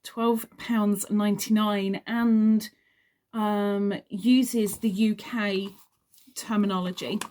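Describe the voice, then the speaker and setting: A woman's voice: medium pitch, fairly even intonation, darkish tone. A woman reviewing a crochet magazine, reading bits aloud and wandering into chatty asides. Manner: chatty, trails off into asides, unhurried. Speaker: crochet vlogger.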